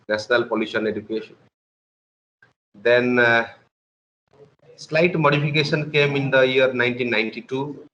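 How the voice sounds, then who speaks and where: A man's voice: mid-range voice, fairly bright tone, muffled recording, slight background noise. A man lecturing as a guest professor, speaking hesitantly with many filler sounds. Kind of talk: online lecture.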